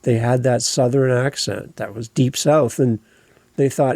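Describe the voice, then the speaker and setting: A man hosting a podcast, giving earnest, encouraging coaching on clear speech and stressing the ends of words. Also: medium pitch, steady tone, measured pace, a little mellow, no echo. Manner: earnest, encouraging, emphatic on word endings. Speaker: podcast host.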